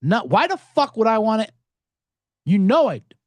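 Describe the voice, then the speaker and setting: A man with a high voice hosts a podcast, launching into an animated, sarcastic comedic rant full of swearing and snippy acted-out dialogue. He talks at a normal speed, and the recording has no room sound but the highs are cut off.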